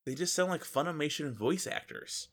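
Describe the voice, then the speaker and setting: A man co-hosting a casual gaming podcast, animated and joking, slipping into silly voices. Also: on the high side, moderate pace. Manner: animated, breaks into exaggerated voices for jokes. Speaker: podcast co-host.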